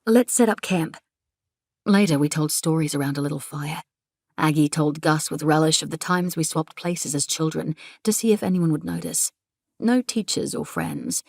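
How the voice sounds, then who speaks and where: A woman reading a novel aloud in measured, intimate first-person narration on a close studio mic. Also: low voice, expressive, a little mellow, dry recording. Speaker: audiobook narrator.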